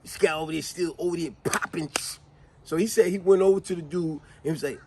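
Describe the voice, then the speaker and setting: A man's voice: a little high, fast, noisy background. A man giving a motivational monologue, speaking in with an emphatic, conversational manner and frequent questions to the listener.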